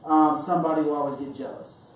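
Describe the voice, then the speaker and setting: A man co-hosting a casual podcast chat, quiet and deadpan, posing listener questions. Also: on the high side, fast talker. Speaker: podcast co-host. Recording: echoey room, distant mic, faint hiss.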